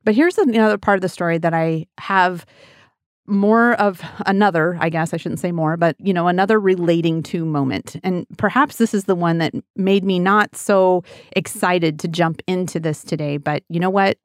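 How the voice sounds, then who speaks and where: A woman's voice: on the low side, moderate pace, clean tone, dry recording, clean studio sound. A middle-aged woman giving a devotional Bible teaching in an earnest, conversational way, talking straight to her listeners.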